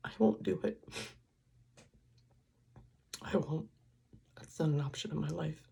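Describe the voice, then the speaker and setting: A woman's voice: low voice, takes it slowly, creaky, mellow, husky. An older woman vlogging, speaking in an emotional, tearful and confiding way as she cries. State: crying. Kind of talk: personal vlog.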